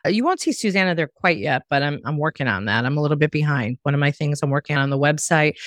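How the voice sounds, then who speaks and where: A woman's voice: low-pitched, lively intonation, fast talker, no echo, studio quality. Bubbly American woman podcast host. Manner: bubbly, laughs often. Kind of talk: casual podcast chat.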